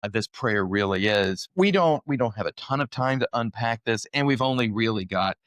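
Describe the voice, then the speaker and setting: A man's voice: fairly low pitch, animated, moderate pace, a bit bright, no room sound, clean studio sound. A young man co-hosting a conversational Bible study podcast, speaking in an earnest, thoughtful way and laughing easily. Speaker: podcast co-host.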